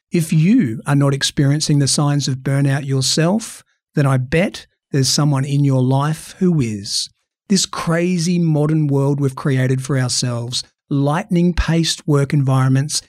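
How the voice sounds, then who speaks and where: An Australian man hosts a podcast in a slightly raised voice, dry and close to the mic. He talks in a measured, emphatic way. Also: fairly high pitch, darkish tone, no echo. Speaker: podcast host. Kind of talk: podcast interview and scripted intro.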